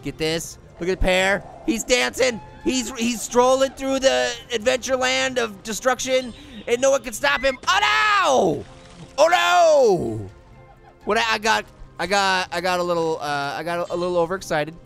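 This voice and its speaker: A man voicing a cocky, hyper talking pear who brags about his gaming skills while playing a video game, slangy and prone to high squealing screams. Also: moderate pace, gravelly, a bit bright, soft background music. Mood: excited. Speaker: game commentator. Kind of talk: let's-play cartoon commentary.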